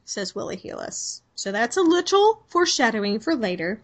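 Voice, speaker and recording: A woman's voice: fairly high pitch, huge pitch swings, a little slow, fairly bright tone. Wry woman recapping a film. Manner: wry, recaps scenes and acts out lines. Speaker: podcast co-host. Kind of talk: casual movie recap chat.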